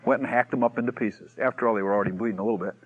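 A man preaching a sermon, telling a story with lively acted-out quotes that swing from shouts to hushed asides. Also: lowish voice, very fast, narrow, tinny audio. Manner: animated storytelling, acts out quotes with shouts and mock whispers.

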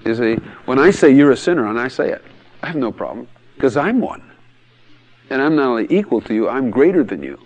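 Male pastor, blunt and emphatic, laughs a lot, acts out quotes, mid-pitched voice. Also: sing-song, a little fast, a little mellow, dull audio. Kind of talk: sermon-style teaching talk.

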